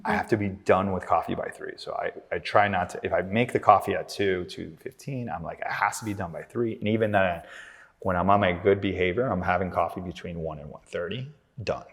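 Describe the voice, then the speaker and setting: A man with a lowish voice tells loose, self-mocking stories in a relaxed interview. He is a clinic director talking as a podcast guest. His voice rings out with a lingering reverb from the room. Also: fairly quick. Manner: rambling, self-deprecating storyteller. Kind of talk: casual interview chat.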